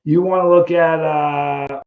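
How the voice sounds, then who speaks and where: A man's voice: fairly high pitch, fairly even intonation, takes it slowly, narrow, tinny audio. A man hosting a casual live stream, chatting loosely with viewers, reading out their questions and trailing off while he searches for names.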